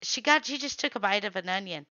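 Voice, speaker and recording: A woman's voice: mid-range voice, expressive, pushed and bright, no echo, muffled recording. A woman hosting, giving blunt, reactive running commentary as she scrolls through videos. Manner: blunt, reactive, quick to say nope. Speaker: host.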